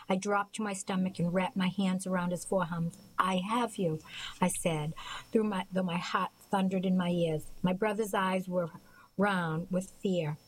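A woman reading a novel aloud as a volunteer radio reader, in an even, unhurried way with small slips. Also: lowish voice, poor audio.

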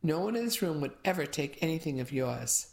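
A woman's voice: deep voice, lively intonation, brisk, creaky. A woman voicing a stern elderly grandmother who speaks sharply. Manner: sharp, scolding.

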